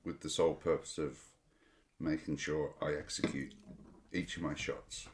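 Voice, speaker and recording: Calm irish archery guy as guest, very deep voice, short steady answers. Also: moderate pace, reverberant, slight background noise. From Ireland. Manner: calm, brief replies and steady advice. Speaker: archery range owner, podcast guest. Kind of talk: casual chat.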